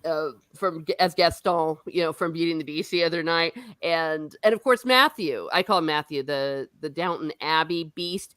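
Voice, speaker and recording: A woman's voice: deep voice, moderate pace, few pauses, fairly bright tone, clear, resonant tone, dry recording. A woman hosting a casual book discussion, rambling with frequent fillers and laughing often. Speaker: host of a book discussion show. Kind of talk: casual chat.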